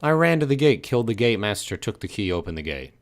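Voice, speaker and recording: A man's voice: fairly low pitch, sing-song, fast talker. A man co-hosting a podcast, energetically telling how his character fought through a fight in a video game, often laughing. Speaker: podcast co-host. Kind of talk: casual chat about a video game.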